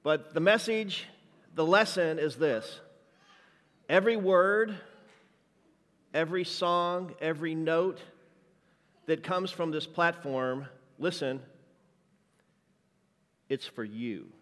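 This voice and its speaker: In a church sanctuary, a man with a fairly high, slightly bright voice preaches as a guest juggler, taking his time with long pauses. He's playful and jokey, working the crowd energetically, and the hall's reverb rings around him.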